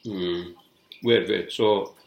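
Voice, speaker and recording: A man with a fairly low voice tells a long, loose story on his podcast, swearing freely. When the story heats up he climbs high and loud. The room around him rings with a noticeable echo. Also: fairly even intonation, extremely slow, gravelly. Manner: rambling, swears a lot, rises loud when worked up. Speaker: podcast host. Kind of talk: casual storytelling.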